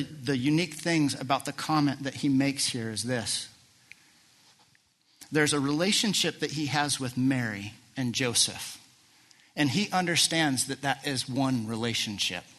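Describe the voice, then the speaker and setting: A middle-aged man preaching a sermon as pastor, animated and full of rhetorical questions. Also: fairly high pitch. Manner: animated, asks rhetorical questions, acts out quoted lines.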